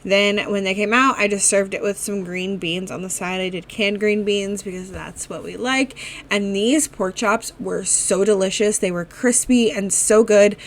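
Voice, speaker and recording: A woman talks through her week of family dinners in a relaxed, chatty voice-over, moving one step at a time. She drops in the occasional "um" and "like" as she goes. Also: medium pitch, moderate pace. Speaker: cooking vlogger. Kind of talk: casual recipe voice-over.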